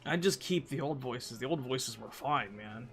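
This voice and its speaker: A man's voice: medium pitch, normal speed, fairly bright tone, soft background music. A young man streaming a game, chatting casually in a rambling, profane way with frequent restarts. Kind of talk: casual gaming stream chat.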